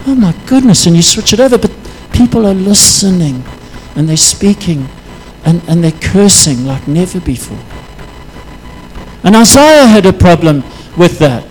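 A man preaching a sermon, impassioned, his voice rising into loud prayerful pleas. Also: high voice, very animated, unhurried, a little hiss or hum, low-quality recording.

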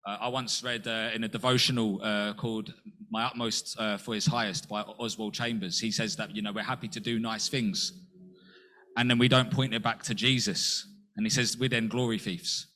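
Man preaching a sermon, earnest, lots of rhetorical questions, voice jumps up high for quotes. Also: level tone, normal speed, bright, forceful tone. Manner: earnest, with rhetorical questions and sudden rises in pitch.

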